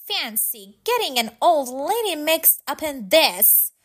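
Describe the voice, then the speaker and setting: A woman's voice: high-pitched, big pitch swings, slow, fairly bright tone, pitched above the performer's own voice, exaggerated voice. A woman doing a worried storybook mother. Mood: anxious. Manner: anxious and reproachful. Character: worried mother, stern but gentle.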